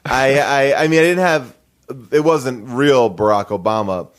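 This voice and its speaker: A man's voice: medium pitch, measured pace. A man in his thirties, a comedian guest in an interview, telling stories in a rambling way with lots of "like" and frequent laughs. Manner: rambling, many "like" fillers, laughing often. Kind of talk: casual interview storytelling.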